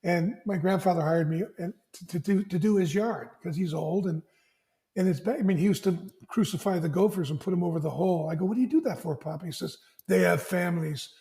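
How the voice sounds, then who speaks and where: A man, an executive coach, talking as a podcast guest and telling stories with lively acted-out dialogue. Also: high-pitched, a little fast. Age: older. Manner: animated storyteller who acts out family dialogue, frequent restarts. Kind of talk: conversational interview storytelling.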